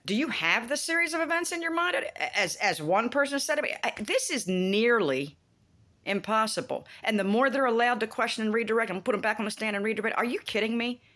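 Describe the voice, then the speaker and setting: A woman vlogging in a casual, indignant rant, animated and swearing freely as she retells a TV plot. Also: mid-range voice. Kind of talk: casual rant about a TV show.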